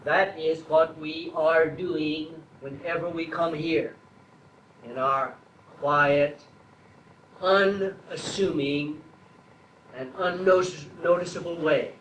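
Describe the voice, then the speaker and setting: Man preaching, high voice, slow deliberate delivery, distant mic, echoey church. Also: fairly even intonation, a bit bright, a little hiss or hum. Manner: slow, deliberate preaching that builds to emphatic repetition. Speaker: traditionalist Catholic preacher. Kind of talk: sermon.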